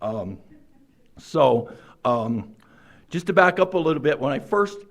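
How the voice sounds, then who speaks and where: A man's voice: fairly high pitch, big pitch swings, measured pace. A man speaking at a recovery meeting, telling his own story with wry, self-mocking humor and frequent laughs, in a meeting room.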